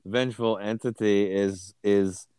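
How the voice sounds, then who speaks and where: A man's voice: on the low side, steady tone, unhurried, warm tone, clear, resonant tone, dry recording. A man co-hosting a book podcast, chatting casually with a wry, dry sense of humor. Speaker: podcast co-host.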